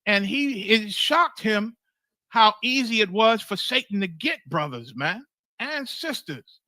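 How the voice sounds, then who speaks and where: High, bright-voiced blunt preacher man. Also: big pitch swings, measured pace, no echo. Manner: emphatic, blunt, swears freely, keeps asking "you understand?"; repeats and restarts phrases for emphasis. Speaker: scripture class teacher. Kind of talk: streamed scripture teaching, sermon-like.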